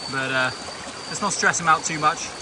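A man with a slightly high voice narrates a night-time herping vlog outdoors, chatty and enthusiastic. Crickets and insects buzz loudly behind him. The sound comes from a handheld camera mic. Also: normal speed, noisy background. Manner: enthusiastic, chatty, breaks into quiet asides. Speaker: reptile field herper. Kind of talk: casual nature vlog narration. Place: outdoors at night in jungle by streams and a road.

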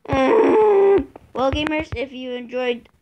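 Shrieky excitable woman gamer, noisy recording. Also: high voice, takes it slowly, dull audio. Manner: excitable, shrieks and yells at game monsters. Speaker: gaming channel host. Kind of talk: let's play commentary.

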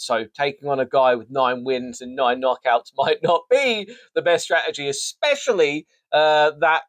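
A man's voice: mid-range voice, a bit bright, dry recording. A man hosting a sports show, casually previewing a fight card with jokey, rambling, self-mocking asides. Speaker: sports podcast host.

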